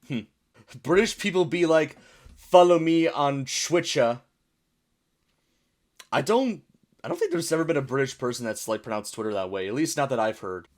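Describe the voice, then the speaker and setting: A man's voice: mid-range voice, sing-song, quick pace. A young American man casually reacting to memes as a video host, chatty and puzzled, reading captions aloud. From United States.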